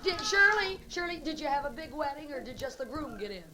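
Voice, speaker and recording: A woman's voice: sits high, big pitch swings, fairly quick, loud music behind the voice. A middle-aged woman doing live stand-up comedy, teasing the audience with bawdy jokes in a brassy, teasing manner. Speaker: stand-up comedian working the crowd. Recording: live club recording with loud crowd.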